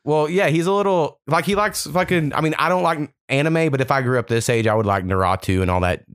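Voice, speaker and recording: A man's voice: a little high, fairly quick, a bit bright, no room sound, clean studio sound. A man hosting a podcast in casual chat, telling stories in a laid-back, profane way. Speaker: podcast host.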